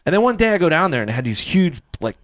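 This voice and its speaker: A man telling a story in casual podcast chat, animated and profane, often jumping into high-pitched quoted voices. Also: fast talker, no room sound.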